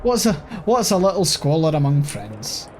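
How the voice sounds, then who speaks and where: A man's voice: a little high, very animated, normal speed, darkish tone, a little hiss or hum. A man with a Scottish accent giving casual let's-play commentary, thinking aloud and swearing offhandedly as he plays. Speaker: gaming channel host.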